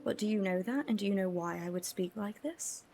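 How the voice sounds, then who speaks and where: A woman's voice: medium pitch, a little fast, a little mellow, soft background music. A woman streamer chatting casually with her chat while gaming, musing and talking straight to them.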